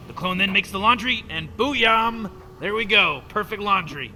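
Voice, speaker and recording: A man's voice: high voice, expressive, moderate pace, bright, forceful tone, exaggerated voice. A man voicing a cynical, scheming mad scientist grandfather in a video game, rambling in a dismissive, condescending way. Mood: smug. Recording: game audio with long reverb and faint noise.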